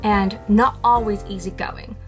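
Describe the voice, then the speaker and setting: A woman chats to camera with a playful, self-amused lightness, setting up questions and answering them herself. Her pitch sits in the middle of the range, and music plays clearly behind her. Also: steady tone, measured pace. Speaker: content creator. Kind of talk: casual talk to camera. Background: music playing.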